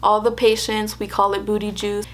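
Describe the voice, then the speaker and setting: A woman's voice: mid-range voice, little pitch movement, moderate pace. Chatty young woman vlogger. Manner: chatty, laughs often, acts out quotes. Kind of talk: casual storytelling to camera.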